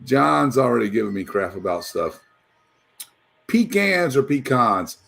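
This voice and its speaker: Man, live chat host, rambling, lively pitch, gravelly voice. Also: brisk. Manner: lively, rambling, laughs often. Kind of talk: casual chat.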